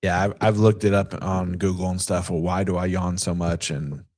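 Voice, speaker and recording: A man's voice: low voice, level tone, normal speed, darkish tone. Chatty man co-hosting a sports podcast. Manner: chatty storyteller who retells events with quoted asides. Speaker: podcast co-host. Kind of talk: casual sports talk chat.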